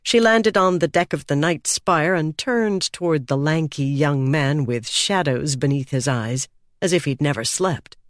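An audiobook narrator reading a fantasy novel in a measured, expressive way. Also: medium pitch, no echo, clean studio sound. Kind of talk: scripted narration.

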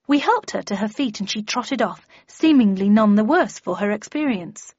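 A woman's voice: medium pitch, lively intonation, normal speed, few pauses, a little mellow, slightly rough, no room sound. A woman narrating a first-person audiobook in a dry, wry storytelling manner. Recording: dry, slightly dull audio.

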